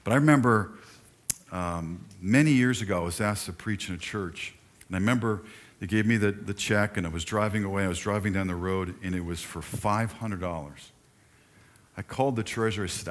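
A man's voice: fairly low pitch, fairly quick. An older man preaching a sermon in a church, talking conversationally and turning to chat with the congregation. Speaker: pastor. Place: church sanctuary.

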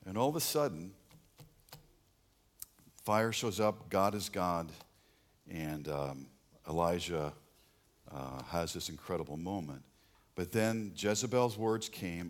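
Middle-aged male pastor, lowish voice, sermon with big loud swells and quiet asides. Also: slow pace, long pauses. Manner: animated, swings between loud emphasis and hushed asides.

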